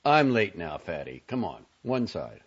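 A man's voice: sits low, very animated, unhurried, husky, dull audio, heavily acted. A man reading as an impatient young man. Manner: curt, impatient, sarcastic. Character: irritable hurried young man.

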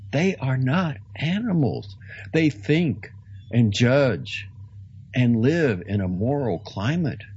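Man doing a fervent, excitable old priest. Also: creaky, breathy edge, lo-fi sound, exaggerated voice. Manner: high, fervent and pleading.

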